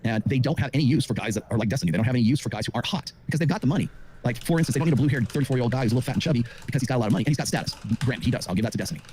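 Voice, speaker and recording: A middle-aged man who lectures with rapid confidence, full of fillers, as a dating commentator on a podcast. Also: medium pitch, a little mellow, a little hiss or hum. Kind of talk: monologue on a podcast.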